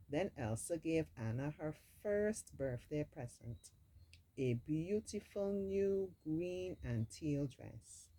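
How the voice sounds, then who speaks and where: A woman's voice: low voice, expressive, slow, mellow, rough recording. A woman reading a storybook aloud expressively, dropping in casual asides of her own. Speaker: storybook reader.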